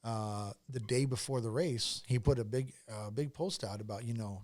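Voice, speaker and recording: A man's voice: mid-range voice, moderate pace, hardly any pauses, a little mellow. A man as a podcast guest, telling a long casual story with lots of fillers, restarts and swearing.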